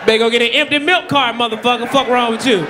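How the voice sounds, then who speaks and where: Loud, high-voiced comedian on stage. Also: male voice, steady tone, rapid-fire. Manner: loud, shouting, laughing, profane. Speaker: stand-up comedian. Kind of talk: crowd-work roast comedy. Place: comedy club stage before a live crowd. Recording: loud crowd and room noise.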